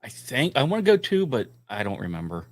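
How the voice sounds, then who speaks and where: A man's voice: mid-range voice, wildly swooping pitch, a little fast, no echo. A man with an average voice joins a loose panel chat. He jokes, hesitates and trails off mid-thought. The sound is dry and close.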